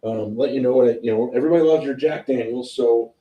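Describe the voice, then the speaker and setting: A man hosting a whiskey tasting livestream, chatting casually and excitedly as he tastes. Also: medium pitch, fast, distant mic, phone-quality sound. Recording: roomy sound, a bit off-mic.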